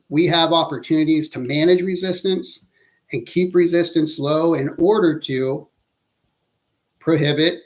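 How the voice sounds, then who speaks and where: A man presenting an instructional talk as an interview-training instructor, speaking in a measured, earnest way and now and then correcting himself mid-sentence. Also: on the high side.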